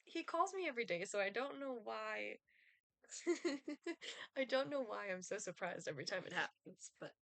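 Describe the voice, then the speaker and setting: A woman's voice: on the high side, lively intonation, normal speed, vocal fry, fairly bright tone, no echo. A young adult woman streaming a game, chatting casually with giggly, rambling asides.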